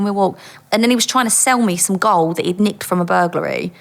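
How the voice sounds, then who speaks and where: A woman who is a former undercover police officer, telling animated anecdotes as a guest and acting out the people she quotes. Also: medium pitch, a little fast, vocal fry. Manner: lively, acts out quoted voices, laughs often.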